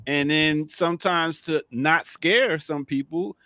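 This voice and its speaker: A man's voice: a little high, takes it slowly, sharp tone, dry recording, clean studio sound. A man hosting a morning talk show, reflecting on a topic and posing questions to his co-hosts. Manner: reflective, poses questions to the panel. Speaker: host. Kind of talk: talk-show monologue and discussion.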